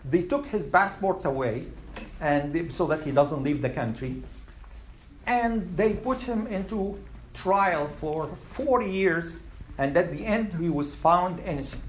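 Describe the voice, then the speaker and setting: A religious teacher giving a classroom lecture, animated and quizzing the students as they go. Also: medium pitch, unhurried, slight background noise. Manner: animated, asks the class questions.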